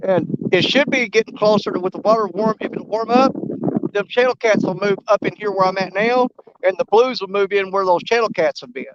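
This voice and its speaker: A high-pitched man talks briskly while hosting a fishing livestream from a riverbank, rambling easily and greeting viewers by name. The audio is noisy, with the highs cut off.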